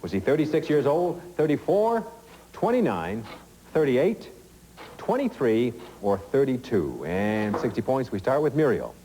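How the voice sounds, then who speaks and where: A man's voice: medium pitch, very animated, measured pace, mellow, in a large hall, slight background noise, poor audio. A middle-aged man hosting a TV quiz show, reading questions and chatting in asides full of fillers, in a studio. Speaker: game show host.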